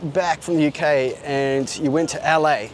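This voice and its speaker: A man hosting a casual walking interview outdoors, easygoing and quick with short agreements. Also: fairly high pitch, steady tone, slight background noise. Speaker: host. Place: outdoors on a city street.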